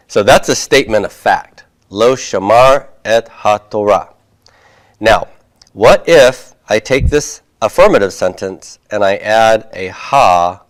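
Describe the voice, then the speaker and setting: A man lectures on Hebrew grammar in a slightly low voice. He speaks slowly and deliberately, with frequent fillers and "okay?" checks as he writes on a board for his students. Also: smooth. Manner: writes on a board while he talks. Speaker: Hebrew teacher. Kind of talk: recorded classroom lecture.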